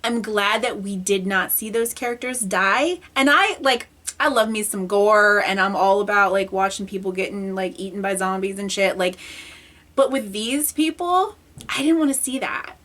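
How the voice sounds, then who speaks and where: A woman's voice: mid-range voice, expressive, normal speed, fairly bright tone. A woman in the middle of her vocal range talks through a TV episode in a loose, rambling way. She fills her talk with "like" and "you know," starts sentences over, and her voice sounds close to tears. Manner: emotional, chatty, frequent fillers and restarts. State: near tears. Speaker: TV show reviewer. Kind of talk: casual video review.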